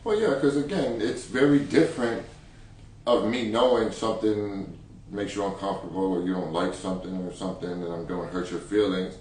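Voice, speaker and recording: A relaxed man co-hosts a frank talk show, speaking casually with slang and easy laughter in a lowish voice. He sits far from the mic in a very echoey room with faint background noise. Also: a little fast. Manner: relaxed, laid-back slang, laughs easily. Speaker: podcast co-host. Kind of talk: candid couple's chat.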